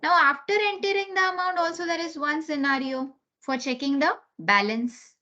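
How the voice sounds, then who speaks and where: A woman's voice: high-pitched, normal speed, sharp tone. Woman teaching an online class. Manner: explains step by step, often checking with "okay?". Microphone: computer mic on a video call. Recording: lo-fi online meeting recording.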